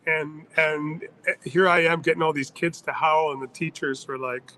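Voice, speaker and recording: A man's voice: fairly high pitch, normal speed, a little hiss or hum, rough recording. A middle-aged man, a guest musician, chatting animatedly in an interview over a video call and laughing as he talks. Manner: animated, laughs while talking. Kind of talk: casual interview chat.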